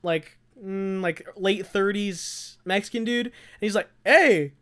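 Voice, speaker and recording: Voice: medium pitch, measured pace, smooth. Rambling young podcast host telling a story. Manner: rambling, animated, laughs at own story. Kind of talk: casual storytelling chat.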